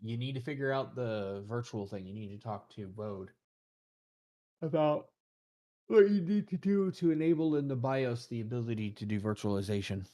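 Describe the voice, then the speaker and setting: A man's voice: mid-range voice, normal speed, warm tone. A man casually explaining computer setup steps in a directive way. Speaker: tech helper. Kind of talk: casual instructions.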